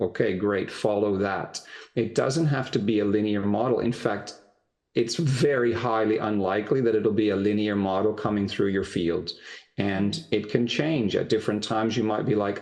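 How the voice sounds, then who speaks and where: A man's voice: fairly low pitch, a little mellow. A man giving a private spiritual coaching session in an encouraging, flowing way, stretching out his key words. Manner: encouraging, flowing, drawn-out emphasis. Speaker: spiritual teacher.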